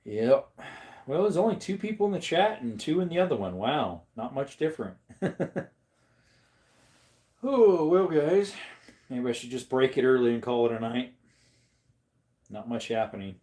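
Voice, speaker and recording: A man chatting casually on a livestream, rambling to his viewers and breaking into high baby talk with his dog. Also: animated, moderate pace, a little mellow.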